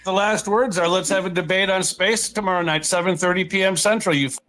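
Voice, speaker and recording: Taunting older male caller, high voice. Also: steady tone, brisk, fairly bright tone, faint music behind. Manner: aggressive, taunting, challenging.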